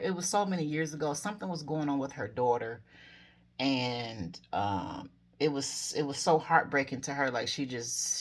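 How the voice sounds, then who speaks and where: A woman in her forties telling personal spiritual stories to her viewers in a casual, earnest way, often correcting herself mid-story and giving encouraging advice. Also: a bass voice. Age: 40s. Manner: encouraging advice to fellow dreamers. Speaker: spiritual vlogger.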